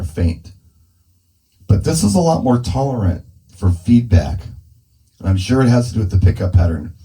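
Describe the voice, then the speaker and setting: Man with a very dark voice. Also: lowish voice, low-quality recording. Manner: thinking aloud while adjusting settings. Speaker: mobile DJ testing gear. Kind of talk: casual demo talk. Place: indoor room with a speaker. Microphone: handheld dynamic mic through a PA speaker.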